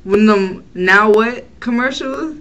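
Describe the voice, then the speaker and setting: A woman's voice: medium pitch, takes it slowly, fairly bright tone, highs cut off. A woman chiming in with teasing remarks during a casual chat. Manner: teasing, interjecting. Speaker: friend chiming in. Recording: faint background noise.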